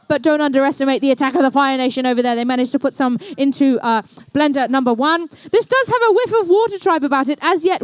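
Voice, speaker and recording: A woman's voice: high voice, no echo. A woman with a New Zealand accent giving live commentary at an indoor robotics competition, playful and chatty, with jokey asides to the teams and crowd. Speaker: event commentator and emcee.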